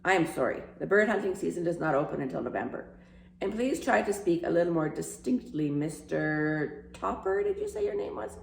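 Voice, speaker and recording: A woman's voice: fairly low pitch, big pitch swings, fairly quick, gravelly, a little hiss or hum. A woman voicing a bumbling, over-polite city hall clerk on the telephone in a storybook. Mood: officious.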